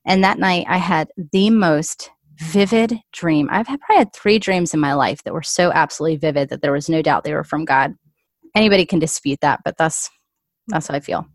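A woman's voice: low-pitched, dry recording. A woman in her forties telling an emotional personal faith story as an interview guest, earnest and full of "like.". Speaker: guest author.

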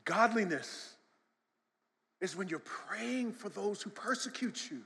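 High-voiced pastor preaching in a hall. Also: male voice, lively intonation, slow. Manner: swings from loud shouted emphasis to quiet storytelling. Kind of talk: sermon. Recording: long hall reverb.

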